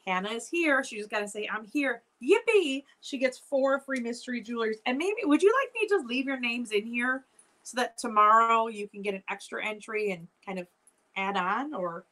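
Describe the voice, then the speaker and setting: A woman's voice: a little high, brisk, bright, forceful tone. A woman hosting a live online jewelry sale, chatting in an upbeat way straight to her viewers. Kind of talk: casual live-stream selling chat.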